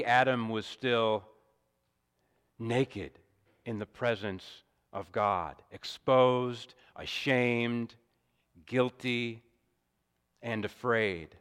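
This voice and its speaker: A man preaching an expository sermon in a measured, deliberate way, with emphatic rises and small restarts. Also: medium pitch, fairly bright tone, smooth. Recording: long hall reverb.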